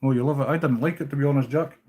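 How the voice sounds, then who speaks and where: Tying fishing flies as he streams live, a relaxed Scottish man chats with his viewers and lets the occasional swear slip. His voice is medium-pitched and mellow, and he talks rapid-fire.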